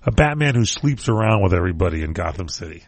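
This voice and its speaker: A man's voice: low voice, sing-song, fast, a little hiss or hum. A man hosting a talk radio show, chatting casually and joking about entertainment news. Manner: wisecracking, rambling.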